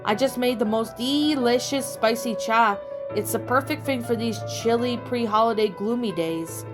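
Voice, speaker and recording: A woman voicing a bubbly, hyperactive pink pony mare receptionist in an audiobook reading, with a high-pitched, chirpy voice and rapid excited chatter. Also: over music, lightly acted. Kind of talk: audiobook character voice.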